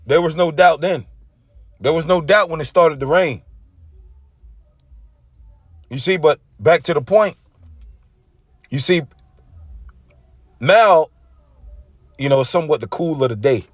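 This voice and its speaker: A man's voice: a little high, measured pace, long pauses, no room sound, clean studio sound. A man giving an intense, casual religious rant, often stumbling and repeating himself. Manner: intense, repetitive, stumbling over words.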